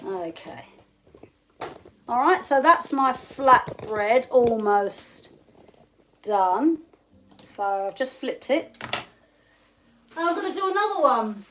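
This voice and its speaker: An English woman from England talks in a bright, high register as she runs a live cooking stream. Her delivery is loose and chatty, full of easy laughter and shout-outs to viewers. Soft clinks of pots and pans sit faintly behind her in a home kitchen. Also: sing-song, takes it slowly, long pauses, a little hiss or hum. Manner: chatty, laughs often, greets viewers by name. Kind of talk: casual live-stream chat while cooking. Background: pots and pans clattering faintly.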